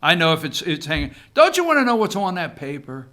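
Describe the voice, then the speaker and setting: A man's voice: fairly high pitch, sing-song, brisk, pushed and bright. A male talk show host giving a sarcastic opinion monologue on the news, speaking straight to his viewers. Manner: sarcastic, talks to viewers directly.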